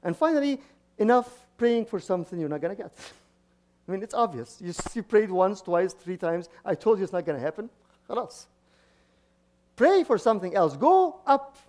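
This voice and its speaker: High-voiced priest preaching, halting restarts. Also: male voice, sing-song, darkish tone. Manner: frequent restarts and repeated words, chuckling asides. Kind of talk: sermon.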